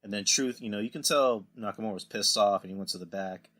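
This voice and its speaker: Bright-voiced man recapping wrestling. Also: on the low side, fast talker. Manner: rambling recaps, acts out quotes in put-on voices. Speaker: podcast host. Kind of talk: casual wrestling podcast chat.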